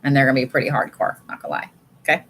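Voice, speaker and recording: A woman's voice: a bass voice, very fast, a bit bright, a little hiss or hum. A woman giving a casual live card reading, blunt and chatty, swearing freely and calling her viewers y'all. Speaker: tarot and oracle card reader.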